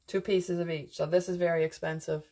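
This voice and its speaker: Chatty woman teaching wreath making, low voice. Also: level tone, a little fast, mellow, slight background noise. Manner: chatty, rambling, answers viewers' comments as she works. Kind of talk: casual live craft tutorial.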